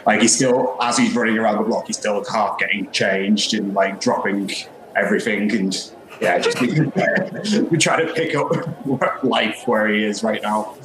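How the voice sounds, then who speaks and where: A man playing in a tabletop game, chatting in a relaxed, laughing way. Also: fairly low pitch, unhurried, reverberant, noisy background. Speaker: player. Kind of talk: casual tabletop game play.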